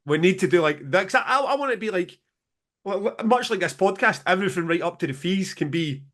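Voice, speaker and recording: A middle-aged Scottish man, a music promoter co-hosting a podcast, telling sweary, animated stories and laughing through them. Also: high voice, brisk. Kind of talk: casual storytelling chat.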